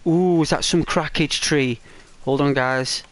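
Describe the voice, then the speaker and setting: A man's voice: on the high side, a little slow, no echo. A young man streaming a game, chatting casually with viewers, answering their messages, rambling and laughing often.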